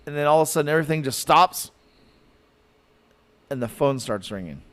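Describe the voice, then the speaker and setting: Telling a long story as a podcast guest, a man speaks a little fast in a voice that sits a bit high for a man. It's animated, casual storytelling full of rambling, likes, and ums, and he acts out the other people in the tale.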